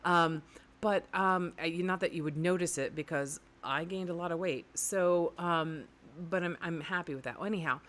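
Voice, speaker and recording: A woman's voice: lowish voice, moderate pace, a bit bright. A woman co-hosting a casual talk show, rambling with many fillers and restarts. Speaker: co-host. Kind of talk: casual chat.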